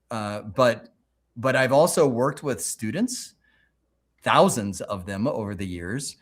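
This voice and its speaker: A man of ordinary pitch hosts a casual livestream chat. He tells his stories in an animated, rambling way. He often trips over his words and starts his sentences again. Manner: animated, rambling storytelling with many restarts. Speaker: livestream host.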